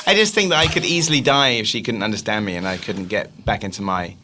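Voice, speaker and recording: A man with a British accent chatting as a guest on a comedy podcast, telling animated, jokey stories. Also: fairly low pitch, a little fast, noisy background. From England. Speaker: guest filmmaker. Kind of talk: casual comedy chat.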